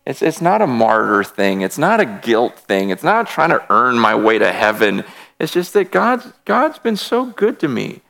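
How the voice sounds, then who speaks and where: A man's voice: medium pitch, big pitch swings, moderate pace, vocal fry, a bit bright. A man speaking to a gathered room, telling a passionate personal faith story in an earnest, emphatic way with touches of self-deprecating humor. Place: room with a live audience.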